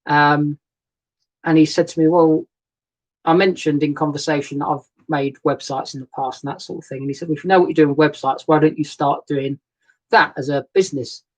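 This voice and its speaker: A man's voice: a little high, steady tone, brisk. A man casually chatting on a live stream from his narrowboat, rambling a little and greeting viewers by name, recorded on a laptop webcam setup. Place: narrowboat cabin. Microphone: laptop webcam and new microphone.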